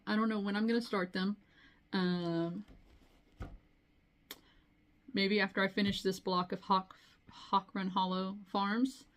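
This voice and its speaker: A middle-aged woman chatting casually to camera as a cross-stitch vlogger, rambling with frequent asides. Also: mid-range voice. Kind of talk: casual chat.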